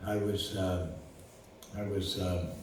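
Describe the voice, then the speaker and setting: A man's voice: low voice, level tone, slow pace, darkish tone. A man in his seventies, a lawyer, telling casual stories in a rambling way, full of fillers and restarts. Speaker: lawyer and guest. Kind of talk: casual storytelling. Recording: roomy distant recording with faint noise.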